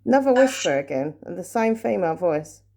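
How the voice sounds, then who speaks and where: Nervous woman hushed on a ghost hunt. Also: lowish voice, lively intonation, brisk, creaky. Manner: hushed, nervous, asking questions into the dark. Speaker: paranormal vlogger. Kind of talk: ghost-hunting session vlog.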